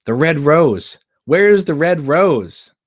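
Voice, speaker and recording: A man's voice: medium pitch, lively intonation, normal speed, natural voice. A man reading the part of a befuddled, affectionate middle-aged father who is a doctor, with an exasperated, blustery delivery.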